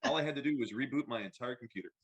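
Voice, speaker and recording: A man narrating a tabletop game as game master, describing scenes with many halting fillers. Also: mid-range voice, fairly bright tone, slightly rough, muffled recording. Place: home, online stream.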